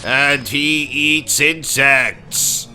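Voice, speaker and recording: British male game host, pompous and slow-spoken with a very bright tone, faint music behind. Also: mid-range voice. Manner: pompous, theatrical, exclamatory. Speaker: gaming channel host. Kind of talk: comedic let's-play commentary with skits.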